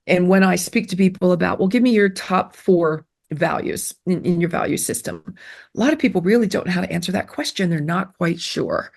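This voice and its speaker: Gravelly-voiced woman giving emphatic advice. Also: on the low side, darkish tone. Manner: emphatic, repeats phrases, many fillers and restarts. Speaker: interview guest, self-esteem speaker. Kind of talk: earnest advice in an interview.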